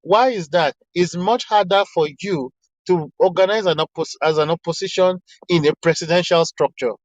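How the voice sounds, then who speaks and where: In an online discussion room, a high-pitched man earnestly quotes texts to argue his point in a casual way, restarting himself often. He speaks at a normal speed, and the dry recording has a slightly dull, lo-fi online quality.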